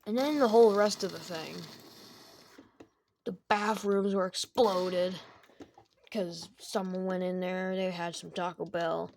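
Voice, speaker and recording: A woman's voice: fairly low pitch, steady tone, unhurried, vocal fry, pauses often, darkish tone, slight background noise. A woman telling an improvised comedic game story, rambling and jokey and often breaking off mid-sentence. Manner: rambling, jokey, self-interrupting.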